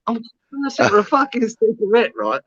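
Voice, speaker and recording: A man's voice: extremely high pitch, big pitch swings, a little fast, fairly bright tone, lo-fi sound. A man telling a story in casual chat, swearing, laughing and acting out what people said. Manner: swearing, laughing, acts out quoted lines. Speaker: co-host.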